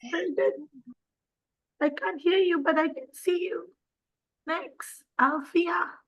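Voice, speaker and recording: A woman's voice: very high-pitched, steady tone, slow, highs cut off. A woman moderating an online workshop over a video call, calling on participants one by one by name. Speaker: session moderator.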